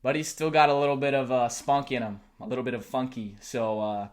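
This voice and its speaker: A young man vlogging about college football, talking live and out of breath, excited and rambling. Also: mid-range voice, brisk. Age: young adult. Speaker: sports vlogger. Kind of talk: live unscripted vlog reaction. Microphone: close mic, camera and laptop.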